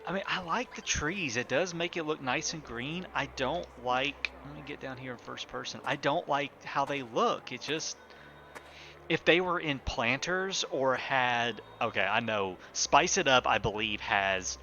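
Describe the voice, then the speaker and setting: A man's voice: medium pitch, unhurried, sharp tone, lo-fi sound, a little hiss or hum. A man streaming a game live, thinking aloud in a casual, chatty way, asking his viewers for ideas and grumbling a little with small restarts. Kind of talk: casual live-stream commentary while playing.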